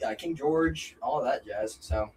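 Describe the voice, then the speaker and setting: A man's voice: mid-range voice, measured pace, darkish tone, recorded from a distance, slight background noise, rough recording. A teenage boy who races, talking casually and a bit hesitantly. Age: teens. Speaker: young racer, guest. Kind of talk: casual chat.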